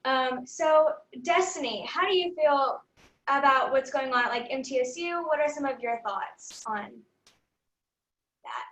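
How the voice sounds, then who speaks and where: A young woman with a high voice moderates an online panel discussion, asking questions politely and filling pauses with ums. Her sound echoes in the room. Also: fairly bright tone.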